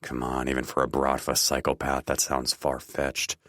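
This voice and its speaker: Very deep-voiced man narrating an audiobook. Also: completely flat delivery, normal speed, fairly bright tone, no echo, studio quality. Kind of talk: first-person audiobook narration.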